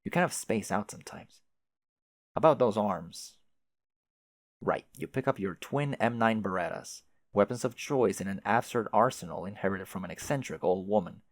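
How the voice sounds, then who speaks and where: A man with a lowish voice reads a webcomic aloud, dropping casual, wry asides and the odd swear between passages. The recording is close and dry, with no room sound. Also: normal speed, no echo. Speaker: webcomic reader. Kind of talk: reading a webcomic aloud with commentary.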